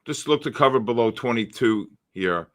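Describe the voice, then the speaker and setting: A man's voice: medium pitch, animated, normal speed. A man from the Bronx, hosting a live trading stream in a brash, joking way. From the Bronx, New York. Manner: brash, joking, calls out viewers by name. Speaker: livestream trading host.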